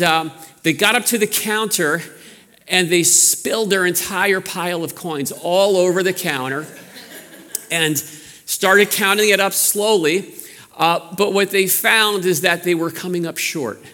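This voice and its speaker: A man with a New York accent, preaching a sermon in a relaxed, storytelling way with frequent restarts. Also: high-pitched, long reverb tail. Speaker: pastor.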